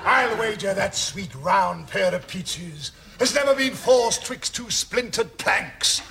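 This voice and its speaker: A blustering bawdy pirate captain. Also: male voice, sits high, animated, takes it slowly, vocal fry, bright, forceful tone, exaggerated voice. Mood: leering. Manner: bellowing, lecherous, theatrical. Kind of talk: comic audio drama acting.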